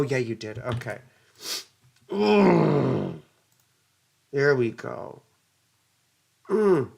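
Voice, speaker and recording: A woman's voice: low voice, gravelly. A woman astrologer giving a casual astrology lesson, easily flustered, muttering curses and wandering into rambling asides.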